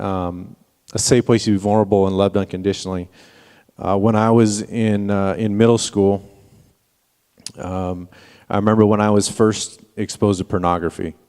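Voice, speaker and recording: A man's voice: lowish voice, little pitch movement, moderate pace, darkish tone, clear, resonant tone. Earnest man preaching in a reverberant hall. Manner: earnest, personal storytelling with frequent restarts. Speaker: pastor. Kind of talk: sermon. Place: church sanctuary. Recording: long reverb of a church hall.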